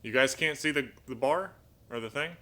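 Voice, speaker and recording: A man hosting a casual live stream from home, chatting in a rambling way, reading viewer comments aloud and talking softly to his pet bird. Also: medium pitch, a little fast. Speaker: live-stream host and toucan owner. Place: at home indoors.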